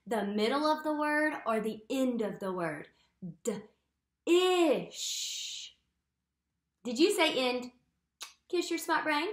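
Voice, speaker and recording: A woman's voice: sits high, fairly bright tone, roomy sound. A woman teaching a phonics lesson to young children from home, encouraging and full of questions to the viewer.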